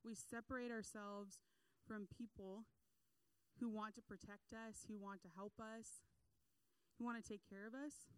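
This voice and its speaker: A young adult woman giving a casual sermon, animated, acting out quotes and laughing between points. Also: medium pitch, unhurried, smooth, dry recording, rough recording.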